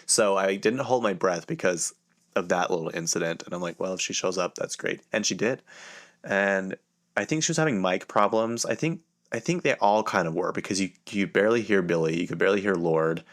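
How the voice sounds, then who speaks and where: A young man with a low voice tells a loose, chatty story for his podcast. He keeps stopping mid-sentence and circling back, with plenty of "like" along the way. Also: fairly quick. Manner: rambling, filler-heavy, self-interrupting. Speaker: podcast host. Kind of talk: casual storytelling monologue.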